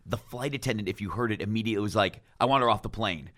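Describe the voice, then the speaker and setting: A man with a fairly low voice chats with a friend on a podcast. He passes on gossip in long, winding asides. Now and then he acts out what someone else said. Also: quick pace, fairly bright tone. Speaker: podcast co-host. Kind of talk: casual chat.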